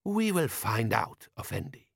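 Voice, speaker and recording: A man voicing a sly desert brigand chief, soft and unhurried, with a changed, distant timbre. The voice is recorded close and dry. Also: mid-range voice, big pitch swings, vocal fry, no room sound, heavily acted.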